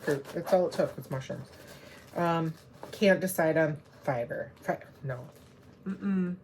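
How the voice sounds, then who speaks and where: A woman's voice: low-pitched, unhurried, a little mellow, slight background noise. A woman vlogger chatting casually as she shows cross-stitch threads and supplies, rambling and correcting herself as she goes. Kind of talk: casual show-and-tell chat.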